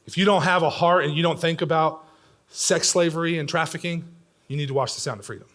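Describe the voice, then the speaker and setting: A middle-aged man preaches to a church congregation in a high, bright voice. He moves between loud, urgent appeals and quiet, nearly whispered moments. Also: a little fast. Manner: swings from loud and pressing to hushed and near whispering. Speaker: pastor. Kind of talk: sermon. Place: church sanctuary.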